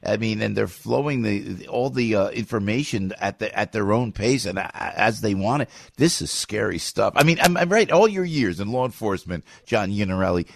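A man with a New Jersey accent hosting a talk radio show, excitable and emphatic, often tripping over his words. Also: lowish voice, fairly quick, vocal fry, hardly any pauses, no room sound, clean studio sound.

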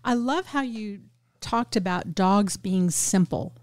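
A woman hosting a podcast, asking questions gently and affirming her guest. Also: mid-range voice, slow, no room sound, clean studio sound. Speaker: podcast host. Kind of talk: interview.

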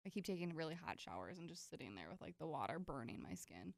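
Animated young woman telling a story. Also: quick pace, vocal fry, no echo. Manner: animated storyteller, acts out quotes with big pitch jumps. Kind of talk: casual chat.

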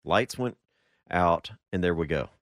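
A man with a fairly low voice talks on a motorsport podcast. He is casual and makes dry quips between points. The sound is dry and close. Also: animated, unhurried, fairly bright tone, dry recording. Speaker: podcast co-host.

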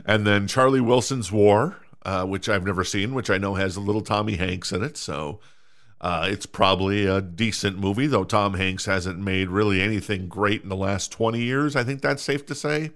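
Low-voiced rambling male podcast host. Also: moderate pace, fairly bright tone. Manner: rambling, self-mocking, many fillers and restarts. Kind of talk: casual solo podcast chat.

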